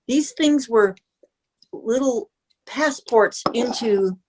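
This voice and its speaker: A woman's voice: on the high side, takes it slowly, a little hiss or hum. A woman in her seventies from the US Midwest, reminiscing in casual conversation as a guest and gushing, often breaking off mid-sentence. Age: 70s.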